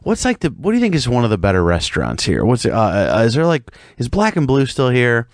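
A man's voice: mid-range voice, fast, no echo, clean studio sound. A man from Rochester, a comedian guest on a casual chat show, telling rambling stories full of restarts. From Rochester, New York. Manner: rambling, animated storyteller with many restarts.

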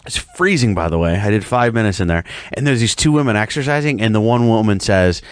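A man's voice: fairly low pitch, fairly quick, clean tone, no room sound. A man from Rochester, a comedian guest on a casual chat show, telling rambling stories full of restarts. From Rochester, New York. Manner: rambling, animated storyteller with many restarts.

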